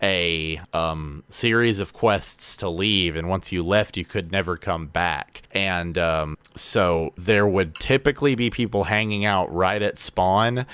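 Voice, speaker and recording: Low-voiced young man telling stories. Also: slow, hardly any pauses, clean tone, no room sound. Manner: animated storyteller, acts out quoted voices, laughs often. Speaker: podcast host. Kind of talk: casual podcast chat.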